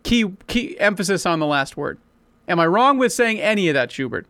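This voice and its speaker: A man's voice: high voice, very animated, fairly quick, pushed and bright, dry recording. Blunt man with a dry close sound. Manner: blunt, insistent, casual swearing. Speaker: sports talk show co-host. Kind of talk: sports radio debate.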